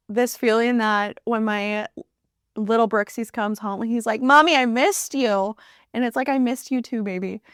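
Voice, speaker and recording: A woman in her thirties hosting a reflective solo podcast, speaking earnestly and warmly about her life with gentle laughs. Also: mid-range voice, clear, resonant tone, dry recording, studio quality. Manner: earnest and heartfelt, with soft laughs. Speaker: podcast host.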